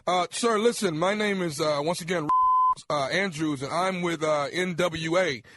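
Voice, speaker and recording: A man playing a self-righteous male campaign official on a prank phone call, polite at first and then shouting threats. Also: fairly high pitch, normal speed, natural voice. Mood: stiffly polite. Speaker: prank caller.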